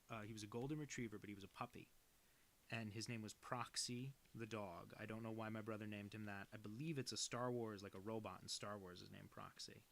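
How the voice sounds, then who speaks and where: Cartoonist on a live stream, casual rambling talk, self-deprecating, laughs easily. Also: male voice, lowish voice, fairly bright tone. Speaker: cartoonist streaming his work. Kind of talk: casual live-stream chat while drawing.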